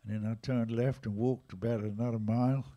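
A man in his eighties with an English accent, casually telling jazz stories at a live museum event, lively and animated in his retelling. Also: mid-range voice, fairly quick, muffled recording. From England. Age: 80s. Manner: lively, animated retelling with raised voices for quotes. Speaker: jazz drummer and storyteller guest. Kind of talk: casual anecdotal storytelling.

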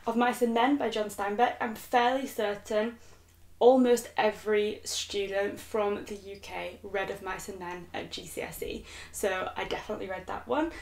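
A woman's voice: medium pitch, steady tone, normal speed, gravelly, a little mellow. A young British woman vlogging about books, chatty and self-mocking as she reads a list aloud. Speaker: book vlogger. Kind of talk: casual chat. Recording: echoey room.

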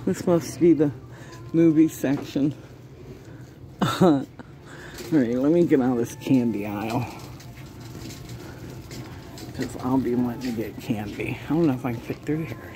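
A shopping vlogger with a very deep voice chats casually at a moderate pace, chuckling often as she gives running commentary to viewers. She films on a handheld phone inside a large store, with background noise audible.

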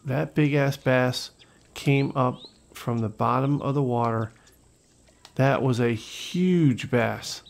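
This gaming channel host has a gravelly, medium-pitched voice, heard through poor audio. Casual and excitable, he talks his viewers through the gameplay and curses when it goes wrong.

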